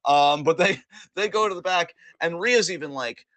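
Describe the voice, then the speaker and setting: A man hosting a podcast, recapping events in an animated, joking way with plenty of swearing. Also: a little high, moderate pace, dry recording. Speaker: podcast host. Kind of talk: casual wrestling recap chat.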